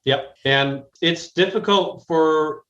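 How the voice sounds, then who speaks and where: An American business strategist from Chicago joins a conversational interview by remote call as a guest, speaking slowly in a fairly high, fairly bright voice. He is direct but rambles and keeps restarting his sentences. An echoey room, cut-off highs and soft background music colour the audio.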